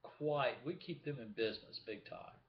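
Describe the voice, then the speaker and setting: A man's voice: mid-range voice, moderate pace. A man talking casually to the camera in a vlog, chatty, showing things to the viewer. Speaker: vlogger. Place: room at home with window open. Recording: echoey room, dull lo-fi sound.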